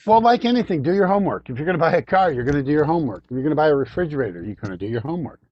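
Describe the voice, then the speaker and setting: A man's voice: a little high, very animated, rapid-fire. A man co-hosting a local radio show who tells stories in a chatty way and repeats phrases for emphasis. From Illinois, USA. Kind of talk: casual radio chat. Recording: dull, lo-fi radio audio.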